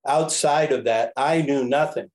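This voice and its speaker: Guest storyteller: a man, mid-pitch, animated and rambling, self-correcting with chuckles. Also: a little slow, rough recording. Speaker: podcast guest, railroad history enthusiast. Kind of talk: casual anecdotal storytelling.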